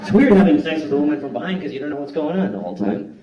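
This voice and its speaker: A man's voice: on the high side, sing-song, rapid-fire. A middle-aged man telling wry, self-mocking stand-up stories to a live audience. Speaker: stand-up comedian. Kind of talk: stand-up comedy. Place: large hall or theater. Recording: roomy live hall from a distance with crowd laughter.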